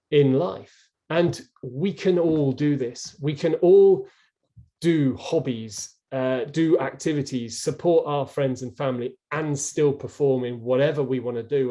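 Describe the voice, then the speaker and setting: Earnest reflective man, mellow voice. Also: a little high. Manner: earnest, reflective, many restarts. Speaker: guest, former rower. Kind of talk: storytelling in an interview. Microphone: video call.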